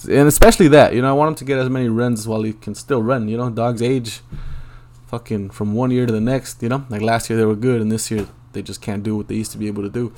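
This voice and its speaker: A man's voice: medium pitch, fairly even intonation, quick pace, darkish tone, slight background noise. A young man hosting a solo podcast, rambling casually and swearing a lot in a laid-back way. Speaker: podcast host. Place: Los Angeles, at home.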